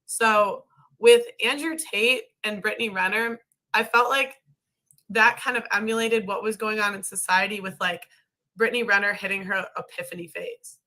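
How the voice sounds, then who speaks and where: A woman's voice: mid-range voice, fairly even intonation, sharp tone. A woman guest on a live call, speaking candidly with lots of fillers and restarts. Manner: candid, halting, filler-heavy. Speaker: content creator guest. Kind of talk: casual interview talk.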